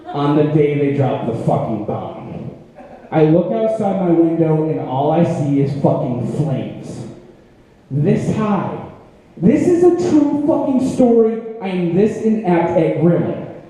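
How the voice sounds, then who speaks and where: Cussing man telling stand-up stories. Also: high voice. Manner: profane, animated, self-mocking. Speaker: open-mic comedian. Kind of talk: stand-up storytelling. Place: open mic venue. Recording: echoey room with long reverb.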